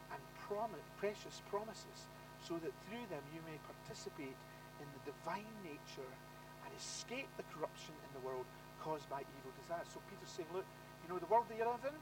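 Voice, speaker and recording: A man's voice: high voice, far from the mic. A man preaching a sermon as the pastor, conversational and repeating key phrases for emphasis.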